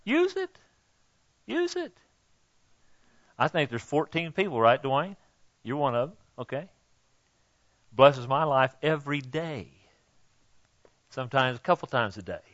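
A man's voice: medium pitch, animated, normal speed, long pauses, a bit bright, highs cut off. An older man preaching a sermon in a folksy, conversational way, speaking directly to the congregation. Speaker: pastor.

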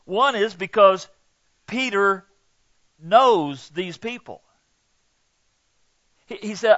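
A man's voice: high-pitched, expressive, takes it slowly, fairly bright tone, no echo, dull audio. A male pastor preaching a sermon in an earnest, emphatic way, acting out quoted lines.

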